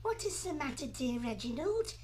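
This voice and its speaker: A man voicing a prim, dutiful young village maid in a comic operetta, in a melodramatic falsetto, recorded in his room at home. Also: big pitch swings, normal speed, a little mellow. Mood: earnest. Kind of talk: comic operetta dialogue, one-man performance.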